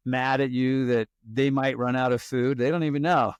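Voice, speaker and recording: Male podcast guest, expressive storyteller, mid-range voice, close dry mic. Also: mid-range voice, moderate pace, smooth, no room sound, muffled recording. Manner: animated storyteller who acts out worried inner monologues. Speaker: guest, resilience expert and author. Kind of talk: conversational podcast interview.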